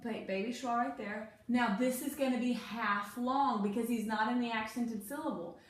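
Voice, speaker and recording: A woman's voice: on the high side, steady tone, moderate pace. A woman tutoring a student one-on-one in reading, patiently coaching and asking guiding questions. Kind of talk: one-on-one phonics lesson. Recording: very echoey room, faint noise.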